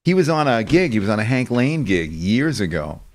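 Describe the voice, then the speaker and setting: A man's voice: medium pitch, big pitch swings, a little fast. A man hosting a show, telling rambling stories in casual chat and laughing often. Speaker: show host.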